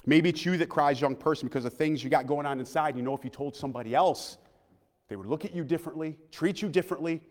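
A man preaching a sermon as pastor, dropping into soft confiding asides, then rising to loud fervent preaching and calling out for amens. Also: fairly high pitch, fast. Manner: calls out for amens from the congregation. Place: outdoor service by a pond. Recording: long hall reverb.

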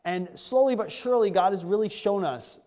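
A slightly high-voiced male missionary pastor gives his testimony from the pulpit, earnest and conversational, often stopping to restart a thought. The sound rings with the long reverb of a church hall. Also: brisk, dark tone. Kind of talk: sermon testimony. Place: church sanctuary.

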